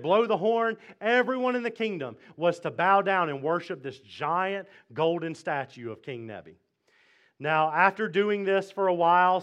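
A man's voice: sits high, a bit bright. A male pastor from Mississippi, retelling a scripture story in a casual, joking sermon. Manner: conversational, jokey, retells scripture in slang.

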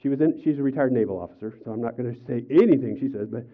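Older man, pastor, sermon, animated storytelling, acted quotes, tinny phone-like audio. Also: medium pitch, very fast. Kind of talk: sermon with personal stories.

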